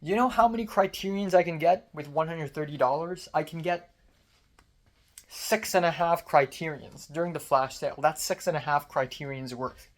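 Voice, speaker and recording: A man's voice: a little high, normal speed. Man, vlog rant: foul-mouthed, sarcastic, self-blaming, voice strained from screaming. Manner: angry, profane, self-mocking, sarcastic. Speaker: vlogger. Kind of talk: personal rant.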